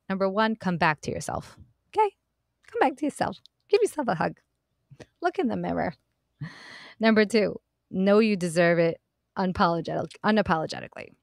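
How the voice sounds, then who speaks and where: Earnest low-voiced woman podcaster. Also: creaky, no echo, studio quality. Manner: earnest, encouraging, addresses listeners as guys. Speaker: podcast host. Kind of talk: motivational self-help talk.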